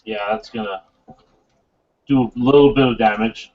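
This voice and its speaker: A man hosting a casual live model-building stream, joking around and explaining with halting fillers. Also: lowish voice, fairly even intonation. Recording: dull lo-fi stream audio.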